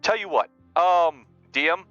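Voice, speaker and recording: A man's voice: high-pitched, unhurried, fairly bright tone, no echo, highs cut off, soft background music. A man playing in a tabletop game, joking and bantering with the game master. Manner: playful, jokey banter. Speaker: player.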